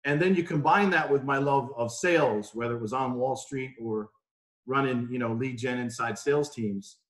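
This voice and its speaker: A man's voice: mid-range voice, normal speed. 40s guy from new york yarning away, room's kinda echoey. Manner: chatty anecdotal storyteller. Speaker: podcast guest. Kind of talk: casual interview chat. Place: home room.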